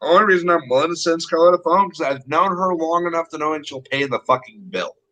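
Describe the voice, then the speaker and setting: A man's voice: a little high, quick pace, bright, forceful tone, low-quality recording. A man telling a rambling story in casual, profane chat, blunt and full of swearing.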